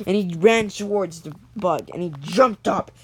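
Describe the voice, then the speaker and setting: A young storyteller improvising a story episode, halting, with frequent restarts and self-corrections. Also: mid-range voice, slight background noise.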